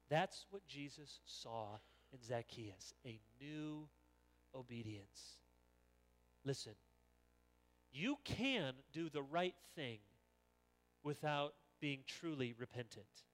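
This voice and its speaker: A man preaching a sermon as pastor, animated and acting out the voices he quotes. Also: medium pitch, slow pace, pauses often. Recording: long reverb of a large hall.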